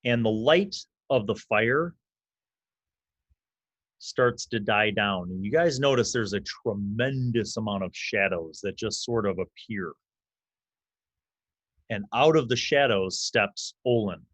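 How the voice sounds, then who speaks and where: Low-voiced game master narrating. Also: male voice, expressive, slow pace, pauses often, a bit bright, no room sound. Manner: casual, with loose fillers.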